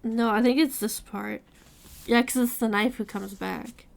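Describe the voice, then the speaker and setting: A woman in a casual book club chat, relaxed and agreeable, with hesitant fillers. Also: on the high side, a little slow, creaky.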